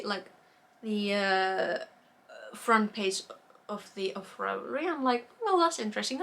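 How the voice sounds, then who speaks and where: A woman's voice: on the high side, sharp tone. A woman chatting casually about knitting projects, rambling, losing her words and trailing off with fillers. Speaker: knitting vlogger.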